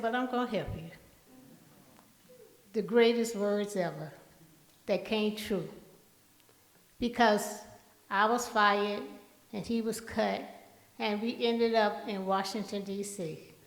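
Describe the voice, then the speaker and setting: An older woman giving a storytelling memorial tribute speech in a large hall, slow and deliberate. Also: mid-range voice. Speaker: eulogy speaker. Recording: echoey hall, voice from far off.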